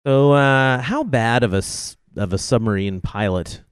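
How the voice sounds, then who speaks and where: A man's voice: mid-range voice, unhurried, clear, resonant tone, dry recording. Man, film commentary co-host, wry, trivia-heavy, dry close sound. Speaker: podcast co-host.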